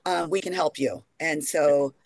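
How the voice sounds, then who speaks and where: A woman's voice: sits low, unhurried, crowd noise. An American woman guest in a casual podcast chat, playful and frank, laughing easily. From United States.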